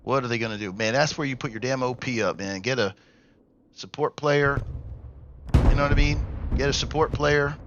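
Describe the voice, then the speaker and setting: A man's voice: medium pitch, normal speed, lo-fi sound, noisy background. A man casting a live online war game, coaching the teams and bursting into hype calls. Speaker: esports caster. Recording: loud gunfire and artillery from the game behind. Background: game gunfire and explosions.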